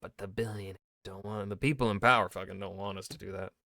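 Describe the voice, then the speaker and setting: A man's voice: fairly low pitch, fairly even intonation, fast talker, gravelly, bright, forceful tone, slight background noise. A man reacting to a history video, chatting loosely with plenty of swearing and "right?"s. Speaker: YouTube host reacting to a video. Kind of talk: casual reaction commentary.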